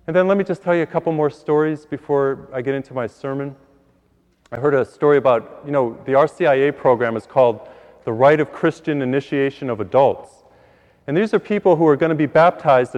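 A man's voice: mid-range voice, darkish tone. A man preaching in a church, telling folksy jokes and stories to his congregation. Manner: folksy storytelling with laughs. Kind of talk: joke-telling sermon. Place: church hall. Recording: dull sound in a reverberant church.

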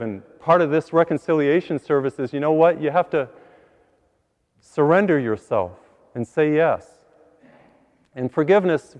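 A priest giving an earnest sermon, repeating words and building to higher emphasis on key points. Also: male voice, darkish tone, in a large hall, dull audio. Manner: earnest, repeats words, rises in pitch when stressing a point.

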